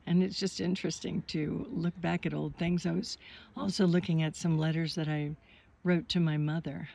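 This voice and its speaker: A woman in her fifties, talking outdoors on a mountaintop in a soft, musing, rambling way as a vlogger. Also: sits low, level tone, normal speed, creaky, slight background noise. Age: 50s. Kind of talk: reflective vlog monologue.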